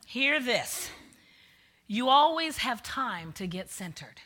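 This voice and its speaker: Preaching a sermon, a woman minister tells a story with lively delivery, moving from hushed asides to loud punchlines. Her voice is on the high side and her pace is measured.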